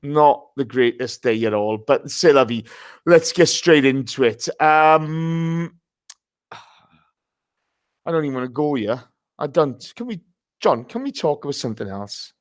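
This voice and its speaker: A man's voice: a little high, lively intonation, a little slow, pauses often. An English man hosting a casual football podcast, chatty and jokey, swearing freely. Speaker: podcast host.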